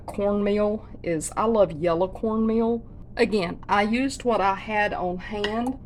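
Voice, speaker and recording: A woman's voice: mid-range voice, slight background noise. A woman hosting a homestead cooking vlog from her kitchen, chatting to viewers in a folksy way. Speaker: homestead cooking channel host. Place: home kitchen.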